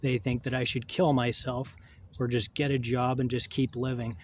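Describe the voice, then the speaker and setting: Man, middle-pitched, halting vlog monologue, restarts and profanity, faint background noise. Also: little pitch movement. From Canada. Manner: halting, rambling, with frequent swearing and restarts. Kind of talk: rambling monologue to camera.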